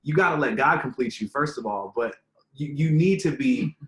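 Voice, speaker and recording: A man at middle pitch talks through his answers earnestly, circling back with lots of fillers as he works toward his point. His voice carries a noticeable room echo, as if recorded in an open space. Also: expressive, moderate pace, fairly bright tone. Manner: earnest, rambling, many fillers. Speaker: relationship content creator, guest. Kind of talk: casual interview answers. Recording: roomy echo.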